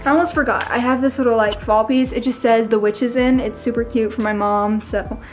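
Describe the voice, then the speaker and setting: A woman's voice: a little high, steady tone, brisk, soft background music. A young woman giving a casual room tour vlog, bubbly and gushing, slightly out of breath. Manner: bubbly, gushing, repeats "so cute". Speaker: vlogger.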